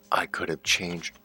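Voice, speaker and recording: A man giving casual, rambling commentary while playing a racing game, breaking off to react loudly whenever he crashes. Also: deep voice. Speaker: gaming channel host. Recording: game music behind voice. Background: game music and engine sounds.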